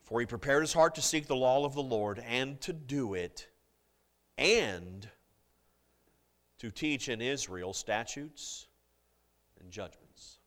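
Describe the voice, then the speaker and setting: A man preaching a sermon to a congregation, with big swings in loudness and pitch and jokes with the listeners. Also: slow pace, long pauses.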